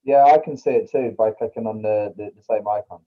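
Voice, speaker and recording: A man on a video call calmly explaining steps, one at a time. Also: lowish voice, fairly quick. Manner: calm, helpful, explains step by step. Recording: tinny phone-like call audio.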